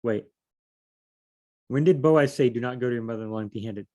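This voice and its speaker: A man's voice: mid-range voice, brisk, mellow, lo-fi sound. A man leading a casual Bible study, rambling and asking himself questions as he reads. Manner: rambling, thinks aloud and asks himself questions; repeats phrases, many fillers.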